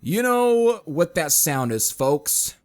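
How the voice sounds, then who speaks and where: A man talks through a metal album review in a casual, rambling way, calling his listeners folks and stopping for an uh now and then. His voice sits a little high for a man, with faint music playing under it. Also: sing-song, slow pace. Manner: chatty, addresses viewers as folks, frequent fillers.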